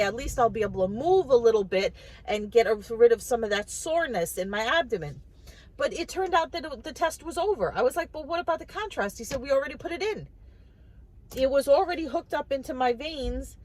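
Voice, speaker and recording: A woman's voice: a little high, darkish tone, rough recording. A woman vlogger talking casually to the camera, telling a personal story in a chatty way, often repeating and restarting her words.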